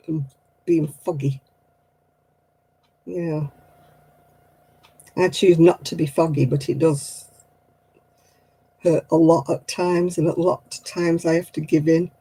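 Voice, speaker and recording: A woman's voice: sits low, dark tone, breathy edge, rough recording. A woman hosting a craft livestream, chatting casually, laughing often and acting out other people's voices. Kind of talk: casual chat.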